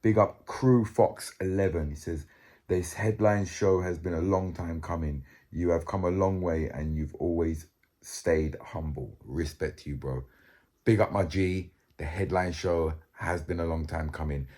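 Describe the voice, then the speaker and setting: A man's voice: deep voice, fairly even intonation, unhurried, a little mellow. A young man, chatting to camera in a casual, joking, slang-filled way. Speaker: vlogger.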